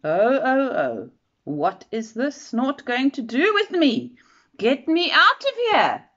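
A woman voicing a small, anxious baby bird searching for its mother in a storybook reading, high and pleading. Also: wildly swooping pitch, moderate pace, a bit bright, full character voice. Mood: frightened. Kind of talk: storybook read-aloud. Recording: dull lo-fi recording.

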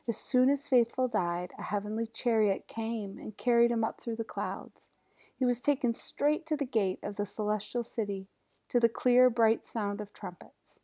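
A woman reading a children's story aloud, voicing the characters' lines higher and louder. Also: no room sound, clean studio sound. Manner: lively, raises pitch and volume for quoted characters.

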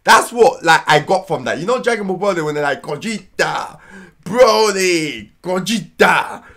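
Excitable London man, high lively voice. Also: fast talker. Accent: London English. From London, England. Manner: excitable, bursts into whoops and shouts. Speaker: trailer reaction host. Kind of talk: casual live reaction. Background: trailer music playing faintly.

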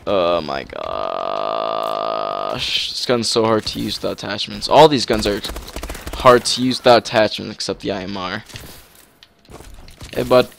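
A man giving casual gameplay commentary, excitable, with sudden shouts and yelps. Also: lowish voice, normal speed, gravelly, pauses often, slight background noise. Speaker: gaming commentator.

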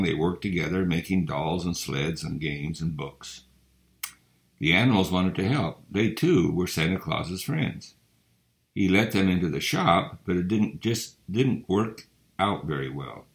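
A man reading a children's Christmas story aloud in a gentle, unhurried way. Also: low voice.

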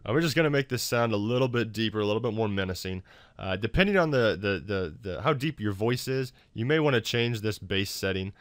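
A man talking through a casual software tutorial in a fairly low voice, recorded dry on a close mic. He rambles loosely, filling gaps with ums and restarting his sentences. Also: animated, a little fast, no echo. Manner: loose, full of fillers and restarts. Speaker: YouTube tutorial maker.

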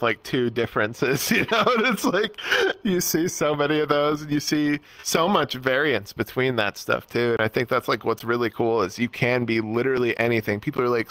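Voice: mid-range voice, fairly bright tone, no room sound. A young-adult guest talking casually on a podcast, rambling with lots of fillers and frequent laughter. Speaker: guest, VTuber and VR world creator.

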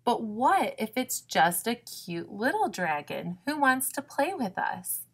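A woman voicing a cheerful, excitable young duck in a picture-book reading, high and eager. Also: slow pace, husky, heavily acted. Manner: bright, eager, exclaiming.

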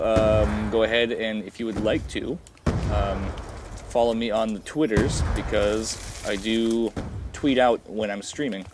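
A man's voice: fairly low pitch, background noise. A young man giving casual, rambling commentary over a video game, full of fillers and restarts. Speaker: gameplay commentator.

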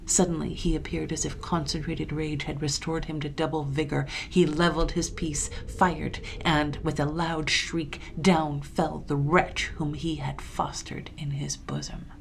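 A woman reading a gothic tale aloud in a measured, dramatic way, dropping to a hush at moments. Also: low-pitched, flat delivery, vocal fry, a little hiss or hum. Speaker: storyteller. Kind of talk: scripted narration of a gothic tale.

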